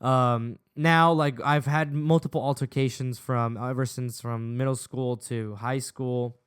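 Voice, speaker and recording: Smooth-voiced young man telling a story. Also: mid-range voice, fairly even intonation, measured pace. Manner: casual, swears freely, laughs through the story. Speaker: gaming vlogger. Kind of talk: storytelling over gameplay.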